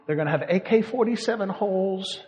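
High-voiced animated male preacher in a hall. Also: brisk. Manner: animated storyteller, laughing often. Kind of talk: sermon storytelling.

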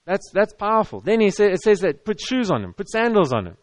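A man's high-sitting, sing-song voice moves briskly with few pauses as he preaches a sermon to an audience in a church hall. He talks in a conversational, repetitive way marked by stammered restarts.

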